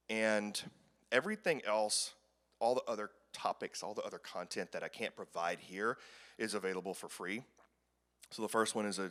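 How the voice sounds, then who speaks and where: A man speaks in a low voice, presenting at a conference. He talks casually and rambles, joking at his own expense. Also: fairly bright tone. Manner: casual, rambling, self-deprecating. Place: conference room.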